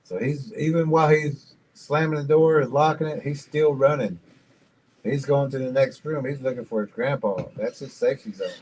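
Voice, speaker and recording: Slow, reflective man commenting on a clip. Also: medium pitch, a little mellow, slight background noise, poor audio. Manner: slow, reflective, retells and explains the story. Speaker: reaction video co-host. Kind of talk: casual reaction commentary.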